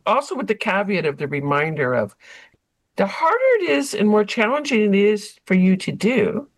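Woman, mid pitch, lively swings, rambling group-chat talker. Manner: animated, rambling with many restarts. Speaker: haiku group member.

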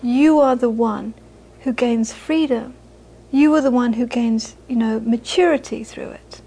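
A woman's voice: fairly high pitch, a little slow, dark tone, slightly rough, poor audio. A middle-aged woman teaching Buddhism in an informal talk, chatty and repeating phrases for emphasis, often laughing. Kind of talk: informal dharma talk to an audience.

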